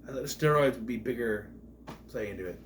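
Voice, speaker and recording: A man casually reviewing a movie in a rambling, offhand way, retelling scenes in quoted voices and breaking into loud mock outrage. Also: mid-range voice, a little fast, noisy background.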